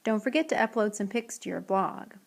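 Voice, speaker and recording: A woman teacher giving a recorded writing lesson, reading example sentences slowly and clearly. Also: mid-range voice, lively intonation.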